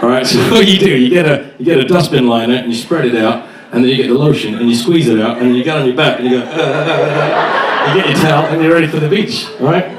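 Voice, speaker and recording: A man's voice: mid-range voice, very fast, noisy background. A man doing stand-up, swearing freely and teasing the audience. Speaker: stand-up comedian. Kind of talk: stand-up comedy set with crowd work. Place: comedy club stage. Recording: echoey club, distant mic, loud audience.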